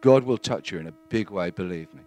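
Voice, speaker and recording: A man giving a plain-spoken, earnest testimony in church, halting now and then with fillers. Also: low voice, animated, darkish tone.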